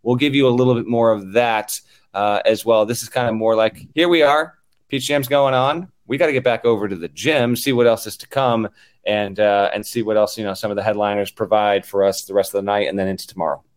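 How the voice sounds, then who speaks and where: A man's voice: lowish voice, fairly even intonation, fairly quick, clean tone. A man hosting a podcast live from a basketball tournament, recapping players in a loose, rambling way with fillers. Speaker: podcast host. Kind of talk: casual chat.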